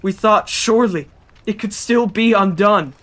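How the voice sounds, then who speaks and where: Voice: medium pitch, a little slow, fairly bright tone, natural voice. A streamer reading game dialogue aloud, voicing a distraught old man who was once a mayor, pleading and rambling. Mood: haunted.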